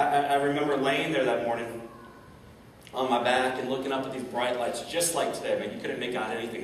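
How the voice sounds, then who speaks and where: A male motivational speaker gives an inspirational keynote in a large event hall, telling a personal story and addressing the audience directly. His mid-range voice comes through a distant mic in an echoey hall, with a little hiss or hum.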